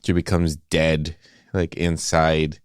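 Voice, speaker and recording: A man with a deep, smooth voice recaps a film for a podcast in a loose, profane way. He jumps into acted-out quotes as he goes. The recording is dry and close. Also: level tone, slow, dry recording. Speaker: podcast co-host. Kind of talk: casual movie-review chat.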